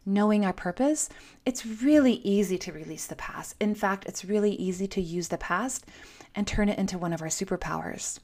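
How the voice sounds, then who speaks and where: A middle-aged woman hosts a motivational talk and speaks earnestly, straight to the listener. Her voice sits at an ordinary middle pitch for a woman. She talks in a personal, direct way. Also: dark tone. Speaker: podcast host. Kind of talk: motivational monologue.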